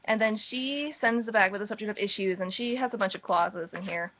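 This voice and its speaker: Woman, casual sarcastic recap, rambling, mocking asides, mid-pitched voice, slightly muffled lo-fi home recording. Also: a little fast. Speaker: book reviewer.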